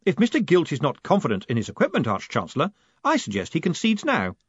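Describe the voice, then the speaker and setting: A man voicing a quick-witted young con man in an audiobook, speaking in a breezy, lively and confident way. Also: fairly high pitch, no echo, highs cut off, pitched above the performer's own voice. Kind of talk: audiobook character reading.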